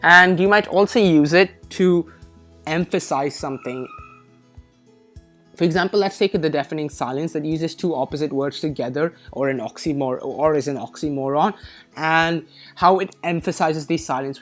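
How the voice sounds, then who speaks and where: A woman's voice: low-pitched, moderate pace, faint music behind. A woman tutor explaining reading test concepts in a methodical way, correcting herself now and then with a light, wry touch. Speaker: SAT tutor. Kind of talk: explanatory lesson.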